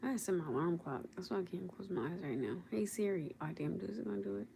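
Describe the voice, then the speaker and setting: A woman's voice: lowish voice, animated, fast talker, creaky, noisy background. A young woman chatting casually with viewers on a late-night livestream from her bed, sleepy and teasing, laughing often. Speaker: livestream host. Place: at home in bed.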